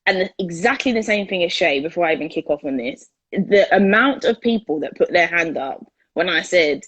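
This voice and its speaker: A woman's voice: lowish voice, brisk, breathy edge, dry recording, highs cut off. A woman, a peer educator talking earnestly in a casual discussion. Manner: earnest, animated, repeats words for emphasis.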